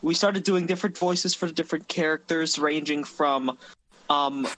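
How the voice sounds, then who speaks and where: Rambling young man, a bit high-pitched. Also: moderate pace, a bit bright, poor audio. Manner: rambling, laughing storyteller with frequent restarts. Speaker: mod developer and podcast host. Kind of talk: casual podcast storytelling.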